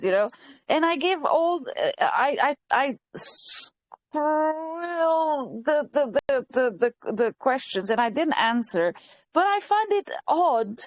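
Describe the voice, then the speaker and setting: A woman hosting a casual chat, telling an animated story with lots of quoting, laughing and restarts. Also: high voice, a little slow, no room sound. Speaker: host.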